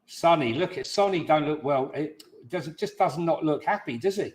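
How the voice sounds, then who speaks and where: A man co-hosting a football watch-along, loudly heckling and swearing at the game. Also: on the high side, lively intonation, moderate pace. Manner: loud, swearing fan heckling the screen.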